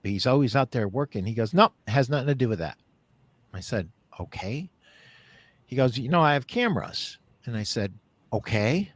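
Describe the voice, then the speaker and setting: Animated male podcast host, dry sound. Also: medium pitch, no echo. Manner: animated, laughs while telling stories. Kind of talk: casual interview storytelling.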